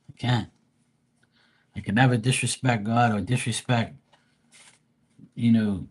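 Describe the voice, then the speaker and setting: Husky, low-voiced ranting man. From Bermuda. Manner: blunt, profane, ranting. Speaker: tarot reader and live stream host. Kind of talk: ranting live stream chat.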